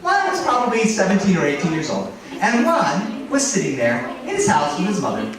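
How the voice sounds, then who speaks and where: A man telling a spooky story live to an audience. He is animated and drops to a hush before shouting. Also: high voice, brisk, crowd noise. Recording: roomy, echoing from a distance.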